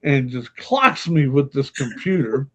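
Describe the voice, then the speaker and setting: Older man, a guest telling an animated story, mid-range voice, slightly dull recording. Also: medium pitch, measured pace. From Kentucky, USA. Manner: animated storyteller, laughs often, acts out quotes. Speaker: podcast guest, paranormal investigator. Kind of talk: storytelling anecdote in casual chat.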